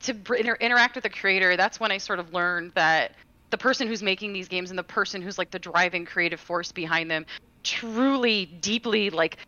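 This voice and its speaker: A woman's voice: mid-range voice, brisk, sharp tone, dry recording, dull audio. A woman co-hosting a gaming podcast, telling a personal story in a chatty way with many fillers and restarts. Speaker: podcast co-host. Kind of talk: casual chat, storytelling.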